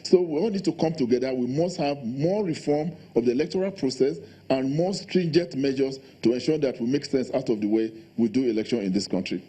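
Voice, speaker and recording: A man, a guest in a TV studio interview, speaking quickly and insistently about policy. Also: medium pitch, dark tone, husky. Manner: fast, insistent, policy talk. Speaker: election official guest.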